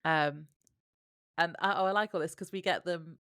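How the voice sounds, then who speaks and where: A woman's voice: lowish voice, fairly even intonation, moderate pace, a bit bright, no echo, clean studio sound. A woman co-hosting a podcast in casual chat, laughing often and reading from her notes. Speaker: podcast co-host.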